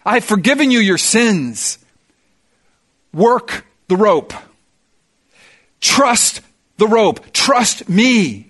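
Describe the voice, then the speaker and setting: A commanding divine male voice calls upward in a raised, pleading shout, as a preacher acts it out, urging a struggling believer not to give up. The voice sits high for a man. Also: expressive, normal speed. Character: God and an apostle, male, calling encouragement from below.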